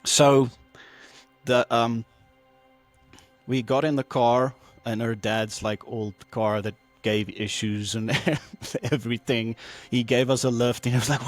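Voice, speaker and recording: A man guest on a podcast telling a personal testimony in an animated way, acting out the voices he quotes, with many fillers and restarts. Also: medium pitch, slow, dry recording, soft background music.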